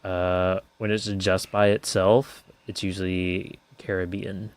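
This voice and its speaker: A man co-hosting a casual podcast, giving easygoing, brief replies with a dry sense of humor. His voice sits on the lower side for a man. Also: flat delivery, slow, clear, resonant tone, no echo. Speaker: podcast co-host. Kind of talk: casual gear-talk chat.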